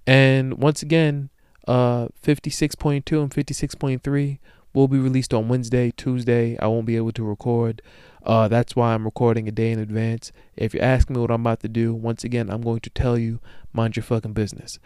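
A young man hosting his own podcast, ranting jokingly in slang and swinging between loud bursts and low mutters. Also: level tone, a little fast, clear, resonant tone, dry recording, clean studio sound. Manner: profane, joking rants with slang. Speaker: podcast host. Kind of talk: solo podcast monologue.

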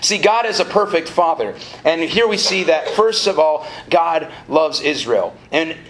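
A college ministry director preaches live to students with a slightly high, expressive, fairly bright voice, moving a little slowly. His style is conversational and jokey, and he invites the crowd to respond. The setting is a roomy college lecture hall or auditorium with faint ambient sound.

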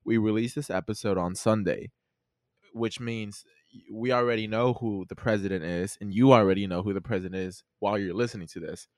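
A teenage boy with a Mexican American accent hosting a casual chat, animated, laughing often and restarting sentences. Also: fairly low pitch, a little fast, dry recording, clean studio sound. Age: teens. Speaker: podcast host.

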